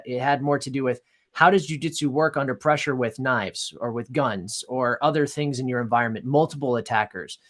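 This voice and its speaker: A man's voice: mid-range voice, fairly bright tone. A man hosting an interview, asking long, rambling questions that he keeps restarting. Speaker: podcast host.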